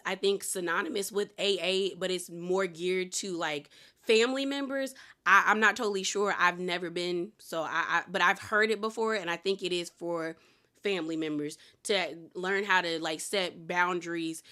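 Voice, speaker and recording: A young adult woman with a bright, forward voice talks through a reality TV episode in a relaxed, chatty way. She is opinionated and retells the scenes with quoted lines, never stiff or scripted. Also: lowish voice. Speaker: reality TV recap commentator. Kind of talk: casual recap commentary.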